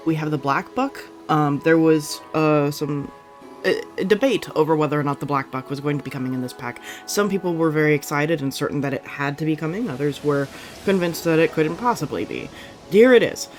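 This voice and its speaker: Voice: mid-range voice, a little fast, faint music behind. Chatty, upbeat gaming commentator. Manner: chatty, rambling, frequent fillers and self-corrections; upbeat and enthusiastic. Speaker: gaming YouTuber. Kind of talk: casual reaction commentary.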